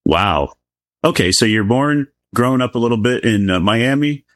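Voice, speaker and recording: A middle-aged man hosting a casual interview, asking questions in a relaxed way. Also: mid-range voice, moderate pace, no echo, clean studio sound. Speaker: host.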